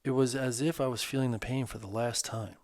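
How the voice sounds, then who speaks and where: A man voicing a divorced man in middle age opening up earnestly about an old hurt, in casual, halting speech. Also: medium pitch, fairly even intonation, a little mellow, no echo, clean studio sound, natural voice.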